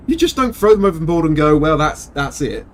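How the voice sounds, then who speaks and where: A man's voice: a little high, very animated, normal speed. Exasperated dragon, a man putting it on. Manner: scolding, fed up. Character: exasperated male elder dragon.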